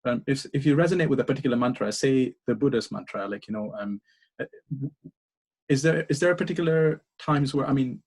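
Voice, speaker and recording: A man's voice: mid-range voice, expressive, a little fast, a little mellow, husky. A man in a study group hesitantly asking a question over a video call. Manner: hesitant, restarts his question.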